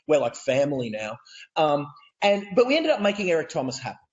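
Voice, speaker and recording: A man with an Australian accent, a real estate coach telling stories as a guest on a video call, energetic and laughing as he goes. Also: on the high side, brisk, dull audio. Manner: energetic, laughing, repeats words. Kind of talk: animated storytelling.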